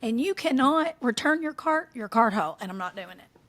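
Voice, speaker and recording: A woman's voice: a little high, lively intonation, fairly quick, fairly bright tone. A middle-aged woman holds forth in a casual podcast chat. She tells stories with lots of animation and laughs often, slipping in folksy turns of phrase. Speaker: podcast co-host.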